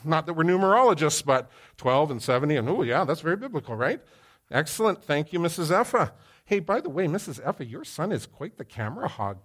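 A man, a pastor preaching a sermon to a live congregation, telling stories with lively swings in his voice and quizzing his listeners. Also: on the high side. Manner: animated storyteller who quizzes the congregation. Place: church hall with live audience.

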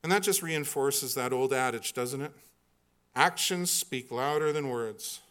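A man preaching a sermon with lively delivery, reading scripture and acting out the characters in it. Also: mid-range voice, measured pace, clean tone. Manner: animated preaching, acts out scripture voices. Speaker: pastor.

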